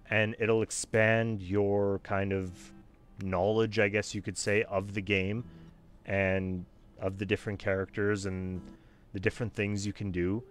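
A man giving casual gameplay commentary, rambling and talking to himself with many fillers. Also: fairly low pitch. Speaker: streamer voicing a game.

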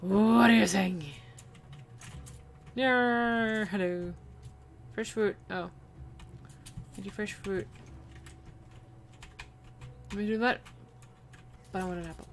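Lady chatting slowly through a silly game, bursts of excited squeals. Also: medium pitch, gravelly, slight background noise. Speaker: video game player. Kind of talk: playful gaming commentary.

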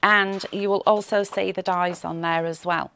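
A woman's voice: on the low side, steady tone, normal speed, gravelly, sharp tone, slight background noise. A woman hosting a live craft shopping show, chatting and reading out viewer comments in a cheerful, teasing way, with a slight frog in her throat.

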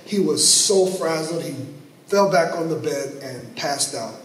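A male pastor delivers a sermon through a vivid story, pushing his voice up high and letting it fall low to build drama. His voice sits a bit high. The sound echoes around a church sanctuary, caught from some distance with a faint hiss behind it. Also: a little slow. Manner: animated storytelling, voice rising and dropping sharply for dramatic effect.

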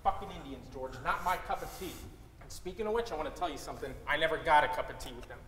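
A man's voice: fairly high pitch, animated, racing, fairly bright tone. A man playing a crude, ranting salesman. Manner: coarse, swearing rant. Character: crude, bitter male salesman, scornful and ranting. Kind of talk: live stage acting. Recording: echoey hall, faint noise.

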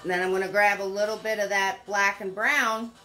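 A woman's voice: mid-range voice, fairly even intonation, brisk, sharp tone, faint music behind. An older woman giving a live painting lesson, upbeat, chatty and encouraging. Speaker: painting instructor.

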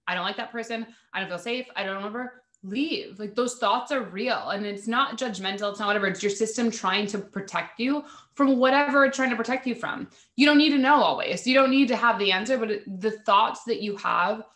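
A woman hosts a casual podcast on spirituality, her voice bright and forward. She talks loosely, leaning on "like" as she goes. The room around her is noticeably echoey. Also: mid-range voice. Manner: chatty, frequent "like" fillers. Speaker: podcast host.

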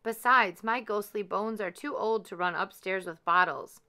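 A woman voicing a gentle, bewildered old male ghost who answers in short, flustered replies. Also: mid-range voice, normal speed. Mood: musing.

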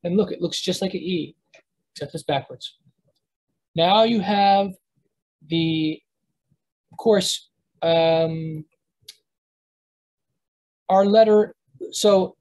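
A teacher giving a live online lesson while sharing the screen, explaining step by step in a halting way with frequent restarts and quick checks with the class. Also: mid-range voice, a little mellow. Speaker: language teacher.

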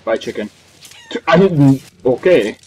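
A man talks through his own gameplay in a loose, rambling way, often putting himself down and swearing now and then. His voice sits at an ordinary middle pitch. Faint gunfire from the game runs behind him. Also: lively intonation, slow, mellow, a little hiss or hum, low-quality recording. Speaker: gamer. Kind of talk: casual gameplay commentary.

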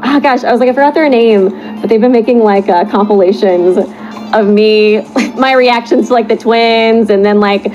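A young woman streaming, reading a fan fiction aloud and reacting, animated and laughing often with mock-horrified outbursts. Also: on the high side, moderate pace, muffled recording, soft background music.

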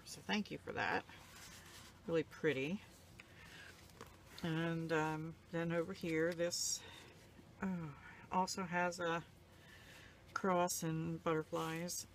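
Her voice is low, and the recording carries a faint hiss or hum. In a casual show-and-tell, the older crafting vlogger rambles softly and gushes over craft supplies delivered by mail, occasionally growing emotional to the point of near tears.

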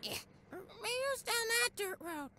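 An actor voicing a forgetful, stoned talking towel in a cartoon, with a dopey, drifting delivery. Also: male voice, very high voice, lively intonation, takes it slowly, sharp tone, slight background noise, full character voice. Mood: dazed.

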